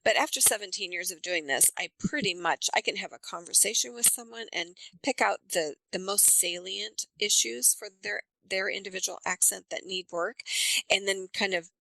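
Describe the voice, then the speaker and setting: A woman speaking as an accent coach in a podcast interview, with a bright, forward voice. She explains eagerly and uses examples. The sound is dry and close. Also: mid-range voice, moderate pace, gravelly, no echo, low-quality recording. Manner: animated storyteller, explains with examples.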